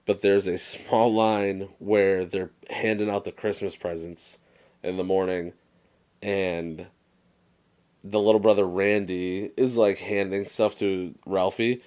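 A young man co-hosting a podcast in casual chat, an animated storyteller who swears freely and acts out movie quotes. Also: on the low side, normal speed. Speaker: podcast co-host.

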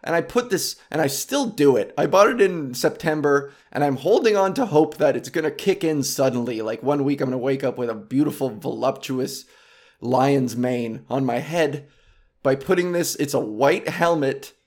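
A man's voice: medium pitch, animated, normal speed, darkish tone. A man hosting a comedic solo podcast, rambling and self-mocking, and easily sidetracked, speaking close to his microphone. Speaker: podcast host.

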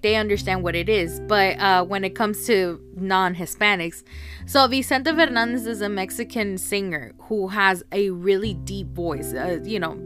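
A woman talks her way through a casual solo podcast, rambling, laughing often and filling gaps with ums and likes. Her pitch sits in an ordinary middle range, and clear guitar music plays underneath her voice. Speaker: podcast host.

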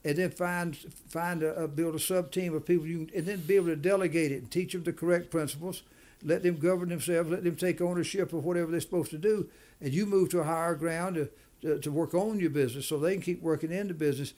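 A man's voice: on the high side, fairly even intonation, fast talker, darkish tone. A man speaking as a business leader in an interview, emphatic, often repeating and restarting his words. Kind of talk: conversational interview.

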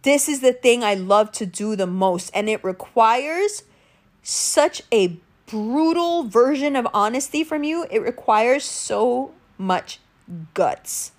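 A woman's voice: on the high side, animated, takes it slowly. A young woman hosting a show, giving a raw, profane, emotional monologue. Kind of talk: candid monologue.

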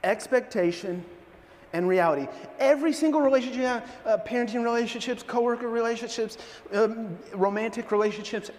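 High-pitched pastor guy, middle-aged, jokey animated sermon, long echo in the church. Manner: animated, joking, storytelling. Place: church sanctuary. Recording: long church hall reverb.

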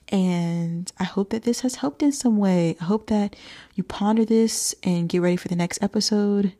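Woman, young adult, podcast host, earnest, coaching tone, mid-pitched voice, occasional whispered emphasis. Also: moderate pace, warm tone. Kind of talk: solo podcast talk to single moms.

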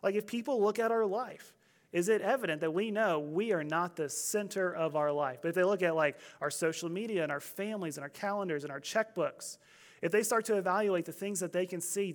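Pastor type, man, high voice, chatty sermon with light humor. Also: a little fast. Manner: conversational storytelling with humor.

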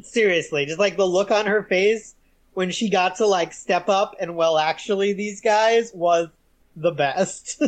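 A young woman co-hosting a podcast, recapping a TV episode in casual chat, relaxed and amused with frequent giggles. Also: on the low side, measured pace. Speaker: podcast co-host.

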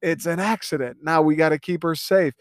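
A young man talks through a movie in a loose, rambling monologue, swearing freely and laughing as he retells scenes. His voice sits a little high and comes across smooth and clear. The sound is dry and close, with no room echo. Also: brisk. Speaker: youtuber reviewing a movie. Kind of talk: casual movie review monologue.

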